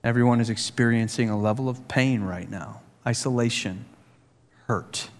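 A man preaching a sermon as pastor, earnest and full of rhetorical questions, growing animated as he tells stories. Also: mid-range voice, moderate pace. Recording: long hall reverb.

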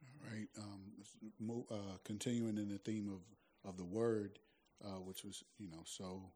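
Hesitant low-voiced man reading questions. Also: steady tone, measured pace, warm tone, husky. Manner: hesitant, many fillers. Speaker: moderator.

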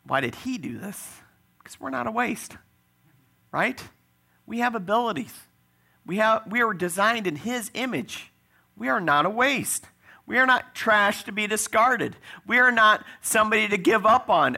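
A man's voice: high-pitched, lively intonation, normal speed, creaky, pushed and bright, slightly rough. A man preaching a sermon in a conversational way, often checking in with the congregation. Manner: conversational preaching with frequent "right?" asides. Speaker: pastor.

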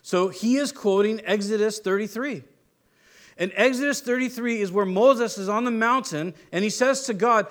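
A man's voice: sits high, normal speed, fairly bright tone. A man preaching a sermon, teaching conversationally with rhetorical questions and restarts. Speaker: pastor.

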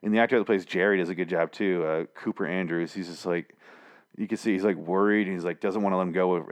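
A man's voice: sits low, fairly even intonation, fast. A man hosting a casual, rambling TV episode recap, full of swearing and restarts. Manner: profane, rambling, frequent restarts.

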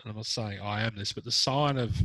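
A man with a bright, forward voice tells a meandering story in casual conversation, stopping and restarting as he goes. The sound is close and dry, with almost no room echo. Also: lowish voice, a little fast. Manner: rambling storytelling with frequent laughter and restarts. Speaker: therapist.

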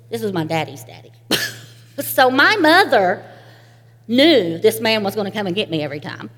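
A woman's voice: a little high, fairly bright tone, long reverb tail. A woman from Eastern Kentucky with a local accent, giving a sermon in a folksy storytelling way and laughing often. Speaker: speaker.

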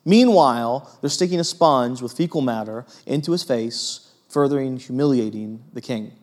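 A man preaching a sermon in an earnest way, moving between emphatic stretches and hushed ones, with frequent fillers. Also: medium pitch, normal speed. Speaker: pastor.

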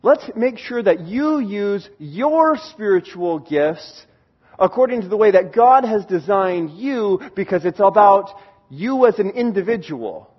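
A man's voice: sits high, expressive, measured pace, slightly rough, lo-fi sound. A man preaching a sermon, explaining a scripture passage and reading verses aloud while stressing key words.

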